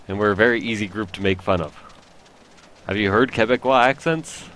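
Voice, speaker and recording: Joking, rambling low-voiced male gamer. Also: a little fast, fairly bright tone, a little hiss or hum. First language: French. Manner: rambling, joking, self-mocking. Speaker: let's play host. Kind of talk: video game commentary.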